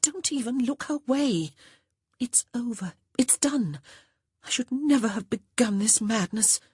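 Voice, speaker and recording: A woman's voice: a little high, animated, a little slow, darkish tone, husky, no room sound, clean studio sound, voice pushed up. A woman voicing a desperate young society lady in love, speaking in a pleading, breathless and urgent way in an audiobook. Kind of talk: audiobook character voice.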